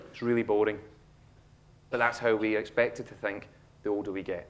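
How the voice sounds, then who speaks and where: Lively Scottish man giving a stage talk. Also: on the low side, normal speed. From Scotland. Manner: animated storytelling, acts out a child's lines. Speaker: speaker. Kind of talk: humorous motivational talk. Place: auditorium stage.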